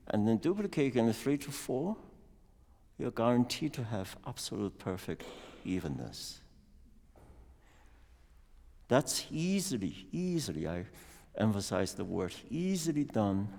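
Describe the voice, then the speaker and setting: Male piano teacher, low gravelly voice with an animated delivery, giving a master class in a reverberant concert hall. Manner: sings rhythms aloud and explains patiently.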